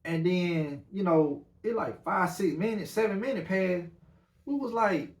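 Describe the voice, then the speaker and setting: A man hosting a podcast, telling a story in a casual, animated way, full of fillers. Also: high voice, measured pace. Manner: animated, rambling with many fillers. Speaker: podcast host. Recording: roomy echo.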